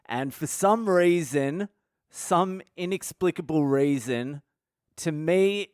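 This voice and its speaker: A man's voice: a little high, smooth, dry recording, studio quality. A man hosting a podcast, telling a story in a candid, profane, casual monologue and laughing at himself. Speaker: podcast host.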